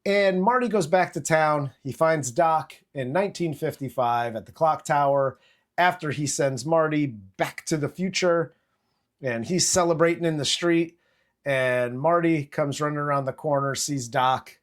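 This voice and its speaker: A man hosting a movie-review podcast, recapping scenes in a profane, animated casual chat. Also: a little high, a little slow. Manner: profane, animated retelling with acted quotes.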